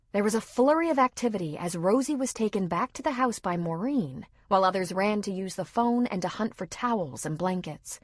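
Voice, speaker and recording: A woman reads an audiobook in steady, dramatic narration, her voice fairly low with a husky edge. The recording is close to the mic and dry, with no room sound. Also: no room sound. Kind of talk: scripted narration.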